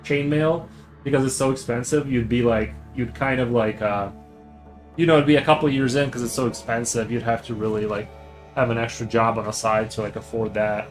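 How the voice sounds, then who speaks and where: A man's voice: medium pitch, steady tone, brisk, faint music behind, low-quality recording. A young man streaming his drawing, chatting casually and rambling with many fillers and restarts. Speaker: artist streamer.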